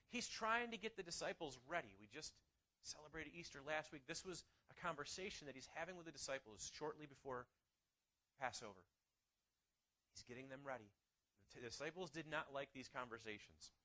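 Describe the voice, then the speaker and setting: A man preaching a sermon, sniffly, telling stories with lively acted-out quotes. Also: on the high side, rough recording. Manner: animated storytelling with acted-out quotes.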